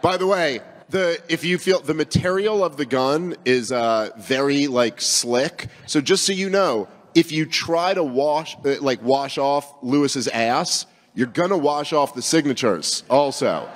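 Podcast co-host guy, bit high voice, long room echo, jokey. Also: expressive, unhurried, few pauses. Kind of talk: comedy podcast banter.

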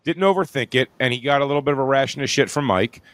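A man's voice: mid-range voice, fast, a bit bright, no echo. A man in his studio, teasing and arguing in a casual podcast debate, swearing freely. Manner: teasing, mock-courtroom banter, swears.

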